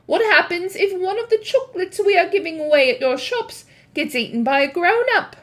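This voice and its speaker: A woman's voice: extremely high pitch, expressive, normal speed, fairly bright tone, pitched above the performer's own voice. A woman voicing a fawning female witch who politely questions her leader, in a storybook reading. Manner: deferential questioning.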